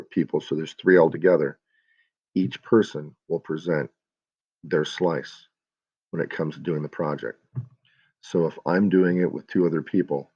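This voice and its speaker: A male teacher with a deep, low voice walks his students through a class project step by step, talking straight to them. The recording sounds dull and lo-fi. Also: darkish tone. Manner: step-by-step, explanatory, addresses students directly.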